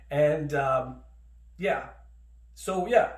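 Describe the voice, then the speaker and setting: A man's voice: on the high side, normal speed, roomy sound. A man talking in a casual monologue as a podcast host, impassioned, swearing often and restarting his sentences, choked up with emotion.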